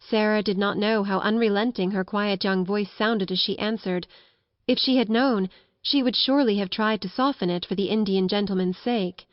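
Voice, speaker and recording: A woman reading a classic children's novel aloud, narrating gently and lifting her voice for the characters. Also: mid-range voice, fairly even intonation, normal speed, dry recording, muffled recording. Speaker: audiobook narrator.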